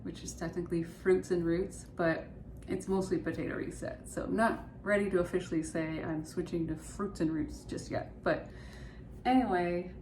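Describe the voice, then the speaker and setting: A woman's voice: fairly low pitch, fairly even intonation, moderate pace, a little mellow, slight background noise, low-quality recording. Chatty woman vlogging from her kitchen. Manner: chatty, rambling, matter-of-fact. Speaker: food vlogger. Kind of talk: casual vlog narration. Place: home kitchen. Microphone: phone held or propped nearby.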